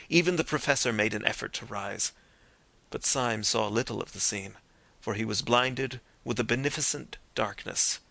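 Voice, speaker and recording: A man narrating an audiobook in a measured, even reading voice. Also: medium pitch, creaky. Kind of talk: scripted narration.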